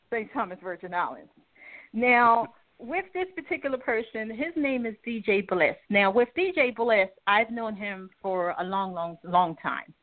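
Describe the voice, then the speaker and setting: A woman guest on a talk radio show, telling stories in a chatty, laughing way, stretching some words out slowly. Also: fairly high pitch. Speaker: guest, music company head. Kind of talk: casual radio chat. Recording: phone-line audio.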